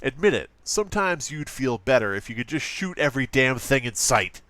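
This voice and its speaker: A man reading old ad copy in a put-on gruff, edgy nineties announcer voice. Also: mid-range voice, very animated, normal speed, pushed and bright, dry recording.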